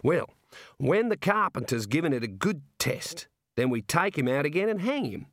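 A man's voice: fairly high pitch, sing-song, dry recording, studio quality, pitched above the performer's own voice. A man doing a jovial prison warder. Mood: confiding. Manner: cheerful, folksy, drawn-out. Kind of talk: audiobook character voice.

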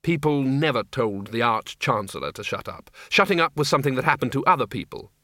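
Lively man narrating an audiobook. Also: mid-range voice, fairly quick, no echo, studio quality.

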